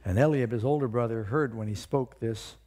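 A male pastor preaching a sermon, retelling a story with lively storytelling and questions for the congregation. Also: medium pitch, a little fast.

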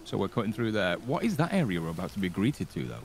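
A man's voice: lowish voice, very animated, fast, darkish tone, slight background noise. A man playing a co-op game with a friend, jokey and giggly, with big swoops in his talk. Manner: jokey, giggly, wildly swinging delivery. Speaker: co-op gaming partner. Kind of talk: casual co-op gameplay chat.

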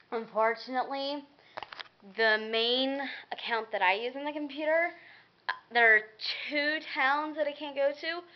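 A young woman talks straight to her webcam in a loose, rambling vlog, griping about her week and swearing freely. Her voice sits a little high. The sound is dull and lo-fi, like a cheap built-in mic. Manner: rambling, venting, swearing, laughing often. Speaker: vlogger. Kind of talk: casual vlog chat.

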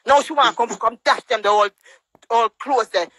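At a moderate pace and in a slightly bright voice, a Jamaican woman angrily rants in patois on a phone live stream, scolding and mocking with higher-voiced quotes. The low-quality recording has no room sound.

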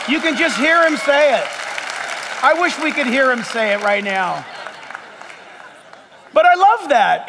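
Pastor guy preaching, really high voice, bright and sharp. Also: big pitch swings, unhurried, gravelly, long pauses, some chatter behind, slight background noise. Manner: emphatic, swings from loud to hushed. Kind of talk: sermon. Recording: long hall reverb.

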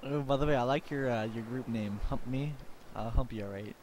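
A man's voice: medium pitch, a little fast, a little mellow. Man, mocking, teasing drawl, headset mic, noisy hiss. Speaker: game trolling video host. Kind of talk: taunting voice chat. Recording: noisy voice chat capture.

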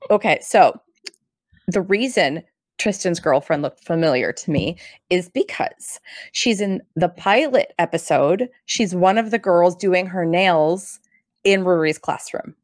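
Giggly animated young woman podcaster. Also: lowish voice, a little slow, no echo. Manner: animated, giggly, acts out quotes. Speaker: podcast co-host. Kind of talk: casual chat recapping a show.

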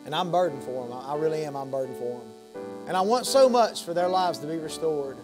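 A pastor preaches in a church with a slightly raised voice while faint music plays underneath. His delivery surges high and loud, then falls soft and low, and he keeps doubling back over his own phrases. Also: lively intonation, fairly quick, low-quality recording. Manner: repeats and restarts phrases. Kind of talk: evening sermon with altar call. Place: church sanctuary.

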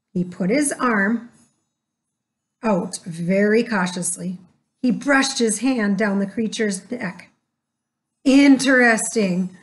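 A woman narrating a children's chapter book aloud, expressive and doing voices for the characters. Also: a little high. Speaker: audiobook narrator.

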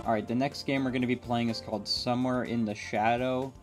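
A man's voice: medium pitch, fairly even intonation, fairly quick, music in the background. A young man hosting a casual gaming session with friends, laid-back and joking. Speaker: gaming channel host. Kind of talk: casual game commentary with friends.

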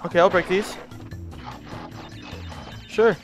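A man's voice: sits high, steady tone, slow pace. Cursing man playing a video game. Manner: frustrated, swears often, mutters to himself. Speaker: let's play gamer. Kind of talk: casual gameplay commentary. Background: game music.

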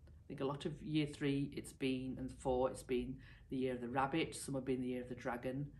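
Low-voiced teacher reading a storybook. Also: female voice, a little fast, slight background noise. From United Kingdom. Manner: expressive, lively storytelling. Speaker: primary school teacher. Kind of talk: reading a picture book aloud to pupils.

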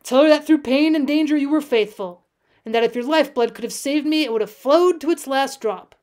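A woman voicing a dying old male frontier hunter who speaks in a solemn, pleading, old-fashioned way, in a high voice. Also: fairly quick, darkish tone, natural voice. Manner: solemn, pleading, archaic speech.

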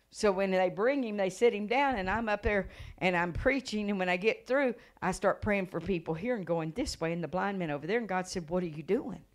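Woman evangelist, middle-aged, revival sermon; dramatic storyteller who swells into loud, fervent preaching. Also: lowish voice. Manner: animated storytelling, acts out voices and gasps; rises to loud preaching cadence.

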